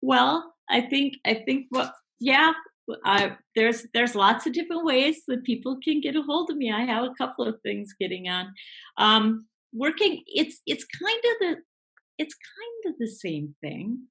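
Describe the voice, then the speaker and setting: A woman speaking as a guest coach in a live online interview, explaining in a relaxed way with many fillers. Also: high-pitched, unhurried, vocal fry, rough recording.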